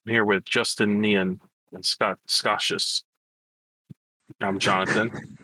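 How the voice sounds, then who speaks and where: A man's voice: lowish voice, flat delivery, takes it slowly, pushed and bright, no room sound, rough recording. A man co-hosting a sports podcast, talking casually and rambling with hesitant restarts. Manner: rambling, hesitant, self-correcting. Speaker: podcast co-host.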